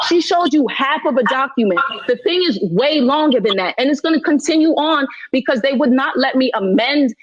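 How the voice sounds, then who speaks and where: A high-pitched woman talks heatedly and emphatically in an online audio room, circling back over her points with indignation. The sound is dry and close, with the slightly dull quality of a phone microphone. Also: no room sound. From Haitian heritage. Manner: indignant, emphatic, repeats herself. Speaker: guest speaker in an audio chat room.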